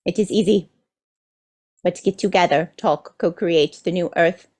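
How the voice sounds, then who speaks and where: A woman's voice: on the low side, a little slow, a little mellow. A woman channeler delivering a spiritual message as a collective "we", playful and enthusiastic, often checking in with her listeners. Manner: teasing, checks in with "do you see?".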